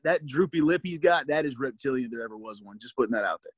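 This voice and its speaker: A man's voice: mid-range voice, animated, fast talker, breathy edge, dry recording. A middle-aged man with a Southern US accent, co-hosting a casual podcast chat and making his points emphatically with many restarts. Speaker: podcast co-host.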